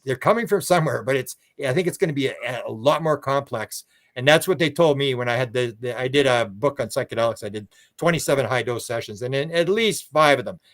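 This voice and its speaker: An older man with a mid-range voice, a guest in a casual interview, tells long, rambling stories and acts out quoted dialogue, often restarting and using fillers.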